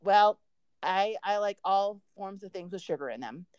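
A woman's voice: medium pitch, expressive, normal speed, a little mellow, smooth, no echo, highs cut off. A woman co-hosting a podcast, telling a long rambling story in casual chat. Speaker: podcast co-host.

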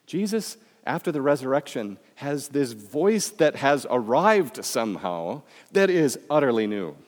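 A man preaching a chapel sermon, moving between emphatic lines and hushed, quiet ones. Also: medium pitch, measured pace. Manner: expressive, swings between emphatic and hushed delivery. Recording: long chapel reverb.

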